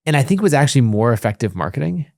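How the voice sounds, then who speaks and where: A man's voice: medium pitch, big pitch swings, very fast, gravelly, a little mellow. A man hosting a podcast interview, thinking aloud in a reflective, easygoing way. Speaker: podcast host. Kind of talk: casual conversational interview.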